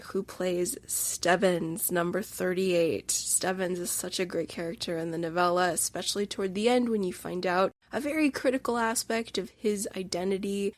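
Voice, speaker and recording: A woman's voice: mid-range voice, no echo. Emotional woman hosting a podcast review. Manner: emotional, gushing and candid. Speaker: podcast host reviewing a film; instructor. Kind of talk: casual solo podcast review.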